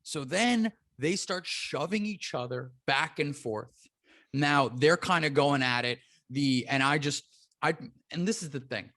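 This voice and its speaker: A man's voice: a little high, unhurried, fairly bright tone, no echo, clean studio sound. A man telling a story in a casual podcast chat, acting out the people he quotes. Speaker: comedian guest.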